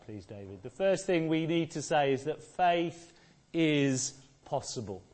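A man preaching an Easter sermon, asking rhetorical questions and repeating key phrases, swinging between loud and soft. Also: fairly high pitch.

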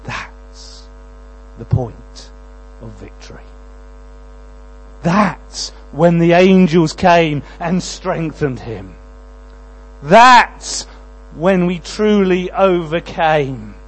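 A man preaching a sermon, moving between quiet prayerful lines and loud, pleading passages. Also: fairly high pitch, lively intonation, very slow, rough recording.

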